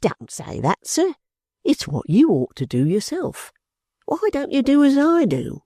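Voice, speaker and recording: A man voicing an excitable, puffing older male clerk in an audiobook, speaking in quick, high, snorting bursts. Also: dry recording, studio quality, heavily acted. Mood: emphatic. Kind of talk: audiobook character voice.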